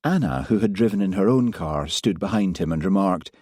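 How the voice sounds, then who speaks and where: A man narrating an audiobook in a measured, even way. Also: low-pitched, no echo, studio quality. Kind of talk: scripted narration.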